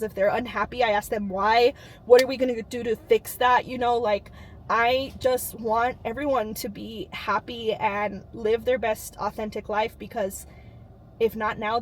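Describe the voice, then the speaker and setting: A woman's voice: fairly high pitch, a little hiss or hum. Bubbly, earnest woman vlogger. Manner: bubbly, earnest, lots of fillers. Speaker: channel host. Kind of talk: casual to-camera vlog.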